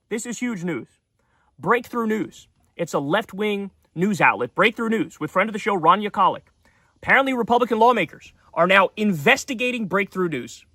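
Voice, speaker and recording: A man's voice: sits high, bright, forceful tone, no echo, clean studio sound. A man hosting a political commentary show, ranting heatedly with profanity and repeated emphatic phrases.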